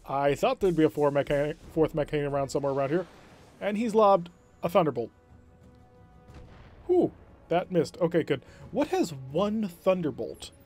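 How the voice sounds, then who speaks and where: A man talks through a strategy game session, explaining his tactics and thinking aloud. His voice sits somewhat high for a man. He speaks in a casual commentary style. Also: darkish tone. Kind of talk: let's-play commentary.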